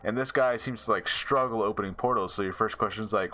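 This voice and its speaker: A man's voice: lowish voice, fast talker, hardly any pauses, sharp tone. A man casually reviewing a TV episode, rambling with many fillers and little laughs. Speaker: show reviewer.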